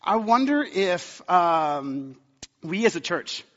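High-voiced pastor telling a story. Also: male voice, sing-song, slow pace, fairly bright tone, in a large hall, dull audio. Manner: chatty storytelling with many fillers. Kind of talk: sermon.

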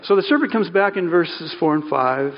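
A man's voice: on the high side, lively intonation, moderate pace, a little hiss or hum. A man preaching a sermon in a loose, conversational way, correcting himself mid-sentence and adding asides. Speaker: pastor. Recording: dull sound with long hall reverb.

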